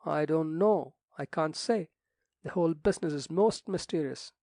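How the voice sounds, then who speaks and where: Guy reading an impatient young squire, brisk and sharp, gravelly dry voice. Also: on the high side, dry recording, lightly acted. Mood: eager. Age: young adult.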